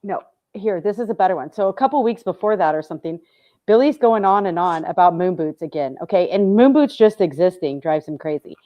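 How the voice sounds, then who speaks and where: A woman's voice: fairly low pitch, lively intonation, brisk, lo-fi sound. A woman co-hosting a casual livestream chat, telling gossipy stories and giggling often.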